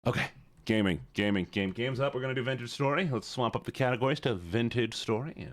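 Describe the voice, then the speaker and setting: A man's voice: medium pitch, quick pace. A man streaming live, chatting casually and joking with his viewers. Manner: laid-back, joking, talking to chat.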